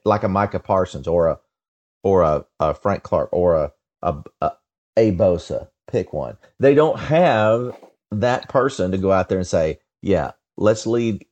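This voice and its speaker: A man with a very low voice weighs in on a sports podcast. He stumbles and repeats words as he starts each point, then states his opinion bluntly. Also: darkish tone. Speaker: podcast co-host. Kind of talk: casual sports podcast chat.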